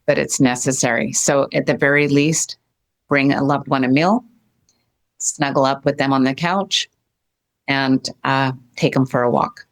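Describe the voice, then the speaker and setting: Very low-voiced earnest woman. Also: steady tone, unhurried. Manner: earnest, gentle, repeats phrases. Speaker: guest. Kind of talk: heartfelt interview talk.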